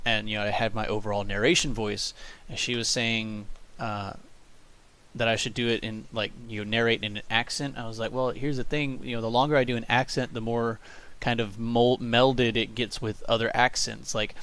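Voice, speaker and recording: A man's voice: medium pitch, level tone, moderate pace, fairly bright tone, smooth, poor audio. A young man co-hosting a casual podcast, rambling with lots of fillers and restarts. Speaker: podcast co-host. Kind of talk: casual chat.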